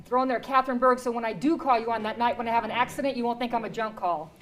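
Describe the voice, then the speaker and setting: A woman's voice: on the high side, fairly even intonation, very fast, hardly any pauses, fairly bright tone, a little hiss or hum, poor audio. A woman hosting a medical talk show from a TV studio, chatting casually and joking at her own expense. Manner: chatty, joking, self-deprecating.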